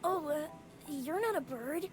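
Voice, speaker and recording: A bashful young hermit crab in a very high, hesitant voice. Video game character with soft music underneath. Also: female voice, animated, a little slow. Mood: nervous. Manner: hesitant, stammering. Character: timid young hermit crab, shy and nervous.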